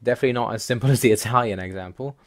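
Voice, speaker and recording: A man with a medium-pitched voice races through a voice-over over slides. He hosts a language-learning video, laying out the rules one by one in a methodical, wry, mildly exasperated manner.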